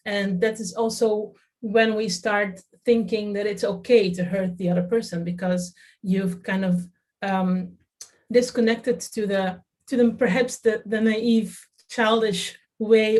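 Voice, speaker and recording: A Dutch woman in her thirties, a festival artistic director, reflects on her theater work in an interview, speaking hesitantly with many fillers and restarts. Her medium-pitched, darkish voice is fairly even in intonation and unhurried.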